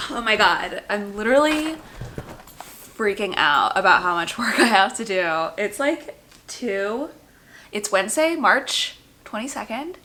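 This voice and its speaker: A woman's voice: medium pitch, lively intonation, a little slow, pushed and bright, slight background noise. A young woman vlogging at home, chatting casually to the camera with lots of "like" and asides to her dog. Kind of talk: casual vlog chat to camera. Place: at home indoors.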